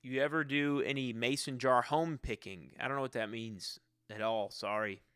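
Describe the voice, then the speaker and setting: Bright, crisp-voiced man rambling. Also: mid-range voice, fairly even intonation, dry recording, clean studio sound. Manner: rambling, halting, often restarts sentences. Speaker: musician answering fan questions. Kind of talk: casual live-stream Q&A.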